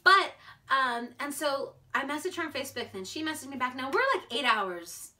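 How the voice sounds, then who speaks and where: A woman's voice: high-pitched, expressive, normal speed, pushed and bright. An American woman vlogging in a bubbly, chatty way, full of filler words. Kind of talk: casual chat to camera.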